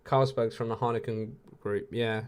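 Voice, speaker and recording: A man's voice: medium pitch, fairly even intonation, normal speed, clear, resonant tone. A man in his late twenties with an English accent, hosting a casual live watch-along and chatting with viewers, laid-back and laughing often. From England. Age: 20s.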